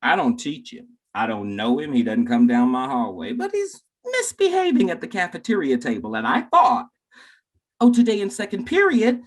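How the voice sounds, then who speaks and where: A man's voice: medium pitch, sing-song, moderate pace, few pauses. A man giving a keynote talk to teachers, telling stories dramatically, acting out voices and addressing the audience directly. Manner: dramatic storyteller who acts out voices. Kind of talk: animated keynote storytelling.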